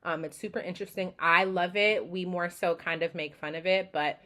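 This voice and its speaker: A young woman from the Boston area giving a casual class presentation, often pausing with "um" and demonstrating pronunciations aloud. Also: fairly low pitch, fairly even intonation, pushed and bright. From Boston area, USA. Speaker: student presenter.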